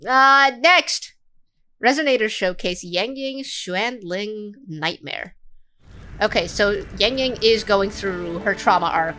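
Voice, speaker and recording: A woman's voice: mid-range voice, takes it slowly, pushed and bright. A young woman streamer reacting to a game video in casual, sarcastic chat, swearing freely.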